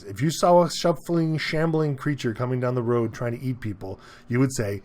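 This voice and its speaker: A vlogger talks to camera in a casual opinion monologue, speaking a little fast with few pauses. He rambles, repeats himself, and keeps asking "okay?", his pitch jumping up when he gets worked up.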